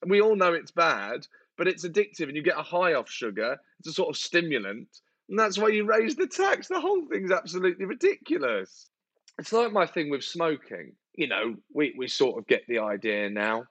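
A man's voice: a little high, moderate pace, breathy edge, no room sound. Casting: male comedian, exasperated comic riffing, dry muffled studio sound. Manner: animated, exasperated storytelling. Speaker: comedian guest. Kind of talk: comic podcast banter.

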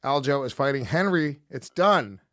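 Profane, animated male podcast host. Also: medium pitch, moderate pace. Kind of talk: casual chat.

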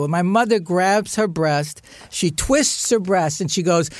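A man, a podcast guest, telling a family story in an animated, profane way and acting out relatives' voices. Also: high-pitched, moderate pace, hardly any pauses, very noisy. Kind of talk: storytelling in conversation.

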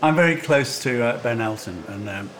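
A man's voice: medium pitch, expressive, normal speed, a bit bright. An older man hosting a casual lunchtime interview at a restaurant table, telling rambling, easygoing anecdotes. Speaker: host. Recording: busy restaurant chatter behind. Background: diners chattering.

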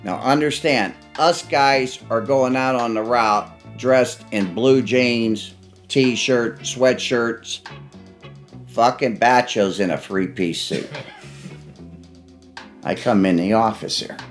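A man's voice: medium pitch, takes it slowly, soft background music. An older man recounting his days with the mob in a profane, storytelling way, acting out the voices of the people in his stories. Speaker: interviewee, former mob associate.

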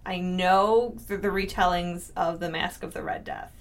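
Chatty woman with a lowish voice. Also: steady tone, moderate pace. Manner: chatty, laughs easily, stumbles over names. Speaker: podcast co-host. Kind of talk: casual chat about books.

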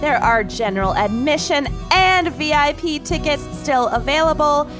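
A woman's voice: high voice, normal speed, music in the background. A woman co-hosting a podcast in casual chat, laughing often and swearing offhandedly. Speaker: podcast co-host.

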